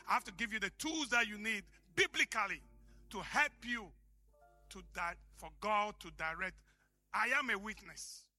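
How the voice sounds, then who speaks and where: A man with an African accent, preaching a sermon as pastor, impassioned and shouting for emphasis. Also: sits high.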